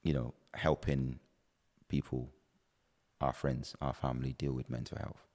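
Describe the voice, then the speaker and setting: Very deep-voiced male podcast host. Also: flat delivery, unhurried, a little mellow. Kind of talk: casual chat. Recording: reverberant room.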